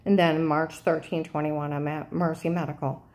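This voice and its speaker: A woman in an insistent, urgent monologue to the camera, often checking in with "okay?", her pitch jumping up sharply when agitated. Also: little pitch movement, moderate pace, darkish tone. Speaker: vlogger.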